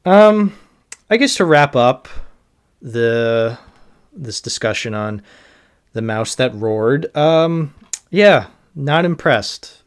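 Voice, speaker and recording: A man's voice: mid-range voice, expressive, slow, long pauses, clear, resonant tone. Rambling, sardonic male podcast host. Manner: rambling, sardonic, lots of fillers. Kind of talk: casual solo podcast talk.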